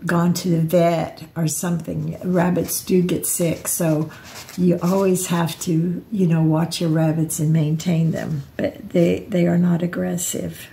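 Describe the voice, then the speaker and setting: An older woman with a lowish, gravelly, mellow voice shares personal stories in a rambling, reflective vlog. She often restarts her sentences.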